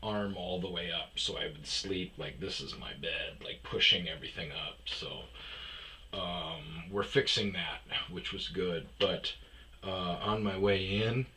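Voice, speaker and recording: Deep-voiced rambling man vlogger. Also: measured pace, bright, forceful tone, slight background noise. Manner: rambling, profane, jokey. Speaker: vlog host. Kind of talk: casual storytelling.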